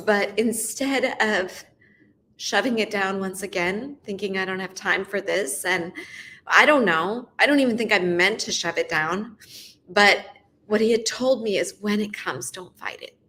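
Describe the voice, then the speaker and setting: A middle-aged woman hosting a faith series, sharing a personal testimony in soft, halting, emotional bursts. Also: mid-range voice. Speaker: host of a faith video series. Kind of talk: personal testimony, heartfelt talk.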